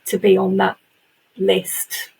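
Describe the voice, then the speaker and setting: Chatty self-deprecating woman with gravelly tone. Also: mid-range voice, completely flat delivery, takes it slowly, a little mellow, poor audio. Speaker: guest, virtual assistant agency owner. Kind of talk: casual interview chat.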